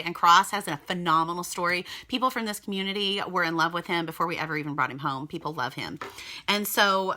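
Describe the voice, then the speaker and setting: A woman's voice: fairly low pitch, sharp tone. A young woman telling her personal faith testimony in a casual, earnest way, often addressing viewers as "you guys.". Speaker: mother sharing a personal testimony.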